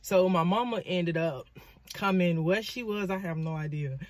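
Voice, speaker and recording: A woman, from Florida, telling a personal story in a dramatic, animated vlog with frequent asides. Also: on the low side, normal speed, dry recording. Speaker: vlogger and motivational speaker.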